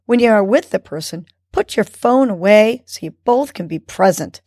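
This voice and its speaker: A woman hosting a morning mindfulness segment, calmly and encouragingly guiding a breathing lesson for kids. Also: mid-range voice, dry recording, studio quality. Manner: calm, slow, encouraging instruction.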